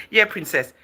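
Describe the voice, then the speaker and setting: A woman hosting a livestream in casual chat, answering viewer comments in a chatty, teasing way, often laughing and calling people darling and girl. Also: sharp tone. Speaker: livestream host.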